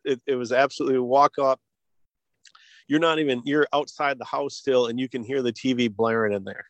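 Male guest, American, casual storyteller, mid-pitched, lots of restarts and light laughs, dry close sound. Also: dry recording. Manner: halting, many restarts and chuckles. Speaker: guest, hearing device company co-founder.

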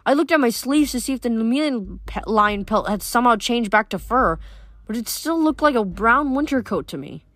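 A woman's voice: a little high, lively intonation, brisk, fairly bright tone, dry recording. A woman reading a novel aloud in first person, often tripping over words and correcting herself. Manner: first-person narration with frequent stumbles and self-corrections. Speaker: audiobook reader.

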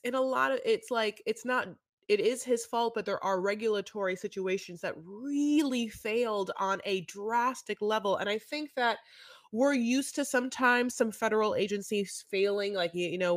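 A woman's voice: mid-range voice, fairly bright tone, dry recording. Rambling woman podcast co-host, dry sound. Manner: rambling, many fillers and restarts. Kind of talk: casual chat.

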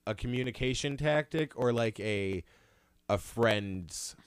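A man hosts a relaxed podcast talk, laughing along and asking his guest questions. His pitch is moderate and his delivery easygoing. The recording is dry and close, with no room echo. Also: takes it slowly, clean tone. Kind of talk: casual chat.

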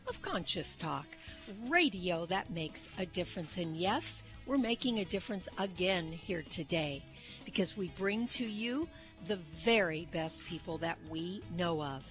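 A woman's voice: on the low side, expressive, measured pace, fairly bright tone, faint music behind. A woman co-hosting a radio talk show, giving a practiced, upbeat welcome and leading the interview. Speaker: radio co-host.

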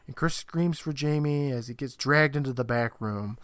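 A man's voice: mid-range voice, normal speed, clean tone, no echo. Guy on a podcast recapping a tv episode, dry close mic, regular mid voice, laughs and does little voices. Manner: animated retelling, acts out lines with laughs. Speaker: podcast co-host. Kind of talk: casual recap chat.

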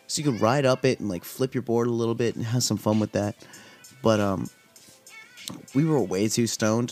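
A man's voice: lowish voice, darkish tone. A young man from Southern California's desert valley, casually telling a podcast story in a laid-back, profane, filler-heavy way. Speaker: podcast host.

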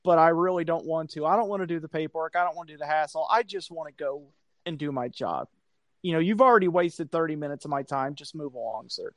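Man, high-pitched voice, profane, acts out quotes, casual storytelling, dry close sound. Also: no room sound. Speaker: storyteller, security guard.

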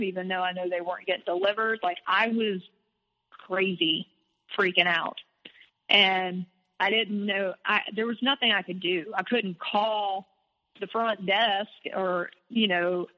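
A woman's voice: medium pitch, pushed and bright, in a large hall, highs cut off. A woman guest on a podcast, telling a personal story candidly and animatedly, with frequent filler words.

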